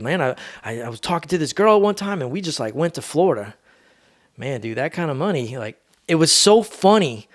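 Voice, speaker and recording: A man hosting a solo podcast, talking in a rambling, laid-back, slangy way. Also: mid-range voice. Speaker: podcast host. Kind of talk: casual solo monologue.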